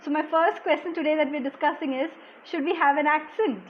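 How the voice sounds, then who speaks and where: A woman from India teaching a live online class, answering viewers' questions in a soft, quiet voice, saying "okay" often. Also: fairly even intonation, brisk, muffled recording, a little hiss or hum. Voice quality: soft-spoken, low volume. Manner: explanatory, reads out viewer comments, frequent "okay". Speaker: language exam coach. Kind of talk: live-streamed lesson answering chat questions.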